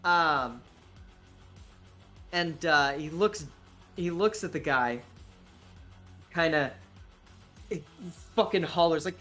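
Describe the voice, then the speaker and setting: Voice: medium pitch, takes it slowly, long pauses, fairly bright tone, faint music behind. A game master narrating a tabletop game in a casual, rambling way, full of swearing.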